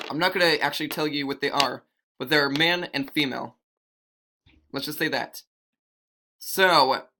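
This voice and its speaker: A man's voice: on the high side, background noise. A man telling an improvised fantasy story in a rambling way, often correcting himself as he goes.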